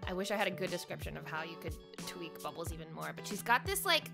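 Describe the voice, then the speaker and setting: With music playing in the background, a young woman talks quickly in a fairly low voice with vocal fry. She's an impressionist going through viewer submissions in a casual chat, offering animated, bubbly and playful critiques of their voice impressions.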